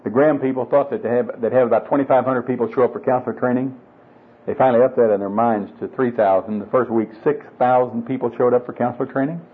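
A man's voice: mid-range voice, breathy edge. Folksy preacher man, tinny lo-fi sound. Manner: folksy, humorous, coaxing the audience. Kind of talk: sermon to married men.

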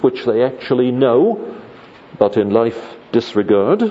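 A man giving a methodical lecture on scripture as a Bible teacher, measured and orderly, pausing often on ums and uhs. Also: medium pitch, warm tone. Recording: dull lo-fi recording with faint hiss.

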